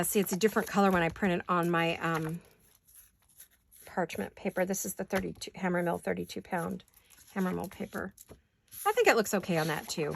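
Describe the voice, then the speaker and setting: A woman chats easily to her viewers as she works on paper crafts in her home studio. She thinks out loud and laughs easily. Her voice has a gravelly texture, and there is a faint hiss in the background. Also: medium pitch. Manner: chatty, thinks aloud while working, quick to laugh. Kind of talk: casual crafting chat to camera.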